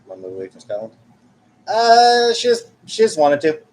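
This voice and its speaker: A man's voice: on the high side, wildly swooping pitch, moderate pace, a little mellow. Rambling man in his forties. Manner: rambling, hesitant, self-correcting. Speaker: streamer reading chat. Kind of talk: casual chat.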